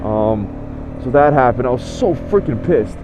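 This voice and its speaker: A man's voice: medium pitch, lively intonation, normal speed, music in the background. A young man telling a story in a profane, exasperated, sarcastic rant. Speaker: motorcycle vlogger.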